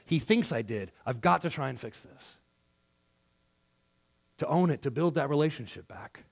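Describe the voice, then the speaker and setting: A man preaching a sermon in a church, acting out quoted dialogue and swinging between loud passages and hushed ones. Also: on the high side, lively intonation, normal speed, creaky, long pauses. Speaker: pastor.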